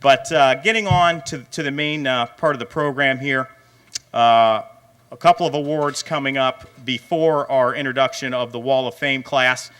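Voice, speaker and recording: A man's voice: mid-range voice, normal speed, a bit bright, smooth. A middle-aged man emceeing an awards banquet, talking in a rambling way with many fillers. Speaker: director of racing, emcee.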